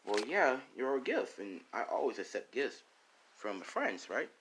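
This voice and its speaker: A man's voice: medium pitch, big pitch swings, a little slow, background noise. A man voicing a polite teenage boy who explains himself hesitantly. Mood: friendly. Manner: hesitant, rambling, mild.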